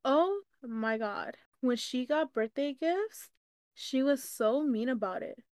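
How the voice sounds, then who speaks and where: A young woman co-hosting a podcast, telling stories in casual chat, animated and swearing freely. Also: sits high, takes it slowly, no echo, clean studio sound. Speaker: podcast co-host.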